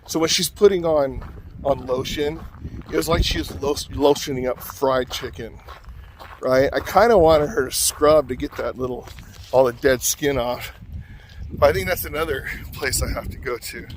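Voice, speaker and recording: A man's voice: mid-range voice, moderate pace, slight background noise. A man vlogging, telling a rambling, self-mocking story full of fillers.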